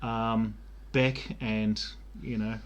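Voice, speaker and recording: A man's voice: fairly low pitch, level tone, extremely slow, smooth, muffled recording. Man, podcast co-host, rambling, wry, casual talk. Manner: rambling, sardonic, sweary. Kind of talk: casual chat.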